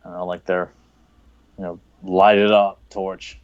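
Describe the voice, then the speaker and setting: A man with a Southern US accent chatting casually as a podcast co-host, excited and rambling, with lots of fillers and restarts. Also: deep voice, a little slow, dry recording, highs cut off. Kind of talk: casual chat, watching a cartoon.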